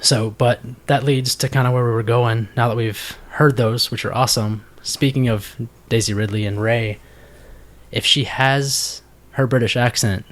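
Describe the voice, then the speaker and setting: A man's voice: medium pitch, steady tone, normal speed, a bit bright. A man hosting a podcast in casual chat, rambling with many fillers and restarts. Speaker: podcast host.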